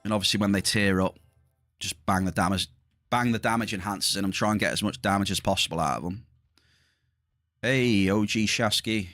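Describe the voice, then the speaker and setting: Guy on a game stream, kinda low voice, bit worn out, rambly chat to viewers. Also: brisk, fairly bright tone, dry recording, studio quality, soft background music. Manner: rambling, chatty, addresses viewers directly. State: slightly strained voice. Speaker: livestreaming gamer. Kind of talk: casual livestream chat.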